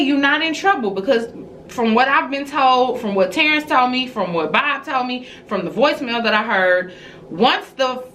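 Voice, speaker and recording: Bright-voiced woman telling an animated story. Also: slight background noise, poor audio. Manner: animated storyteller, jumping high when retelling her reactions; casual and conversational, addresses viewers directly. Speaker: mother telling a family story to her channel. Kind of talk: story-time vlog.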